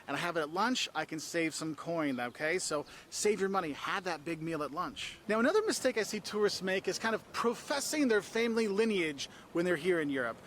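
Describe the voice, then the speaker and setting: A man giving advice to tourists in a travel vlog, energetic and emphatic. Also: high-pitched, fairly quick, few pauses, slight background noise. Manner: energetic, emphatic, acts out tourists in quoted voices. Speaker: travel video host.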